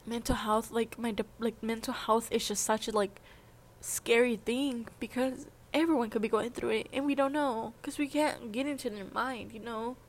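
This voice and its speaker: A woman's voice: fairly high pitch, fairly even intonation, moderate pace. A young adult woman talking in a casual, confessional vlog monologue, rambling and hesitant, with many "like" fillers. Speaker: vlogger.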